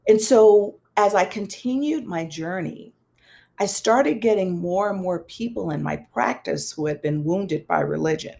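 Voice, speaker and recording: Woman guest telling her story, some vocal fry, animated, acts out the dialogue, jokey about herself. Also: measured pace. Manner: animated, acts out quoted dialogue with big pitch swings; conversational, self-deprecating humor. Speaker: guest, psychologist and pastor. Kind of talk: personal storytelling in an interview.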